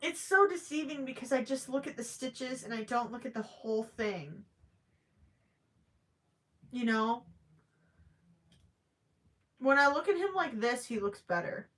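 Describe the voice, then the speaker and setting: A woman's voice: on the high side, animated, a little slow, pauses often, fairly bright tone. A woman hosting a crochet live stream, chatting casually and thinking aloud with stammering restarts, her voice cracking after hours of talking. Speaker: crochet livestream host.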